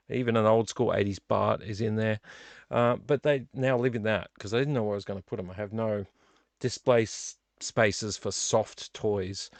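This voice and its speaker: Gravelly man live-streaming. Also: on the low side, a little mellow, no echo. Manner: rambling, chatty, self-deprecating. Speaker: vlog host. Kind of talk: casual live-stream chat. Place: home studio room.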